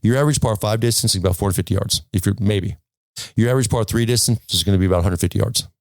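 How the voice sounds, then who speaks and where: A golf instructor gives a casual lesson to camera, talking very fast in a lowish voice. He's emphatic and full of stories and restarts, checking in with "okay?" constantly. The recording is dry.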